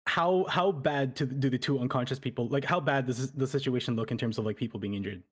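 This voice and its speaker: A man's voice: medium pitch, fast, husky. A man playing a tabletop game, describing his character's actions with frequent hesitations and fillers. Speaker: player.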